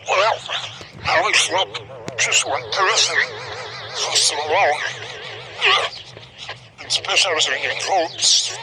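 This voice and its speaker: A man's voice: a little high, takes it slowly, pauses often, heavy background noise. A man doing a dry, chatty comic part in an old radio comedy sketch.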